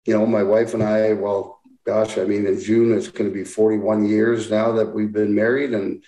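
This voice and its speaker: A man in his sixties, a guest on an interview, talking in a plain-spoken, halting, reflective way. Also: fairly low pitch, level tone, dark tone, roomy sound, rough recording. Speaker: interview guest, former hockey player. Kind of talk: casual interview talk.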